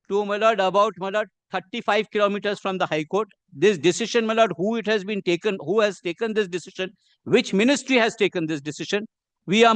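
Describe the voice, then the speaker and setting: A man with an Indian English accent, arguing a case before a judge in measured, deferential courtroom speech. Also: high voice, a bit bright, dry recording. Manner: measured and deferential, says "my lord" constantly. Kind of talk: formal courtroom argument.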